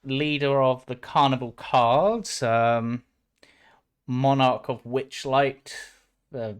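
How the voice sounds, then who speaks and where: A man playing his character in a tabletop game, speaking in a smooth, courtly, flattering way. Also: mid-range voice. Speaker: player. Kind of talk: in-character tabletop role-play.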